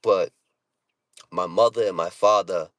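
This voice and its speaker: A man's voice: sits low, a little slow, a bit bright, no echo. A man with a Boston accent, a rapper casually telling stories to his viewers and answering comments in blunt street slang with heavy swearing.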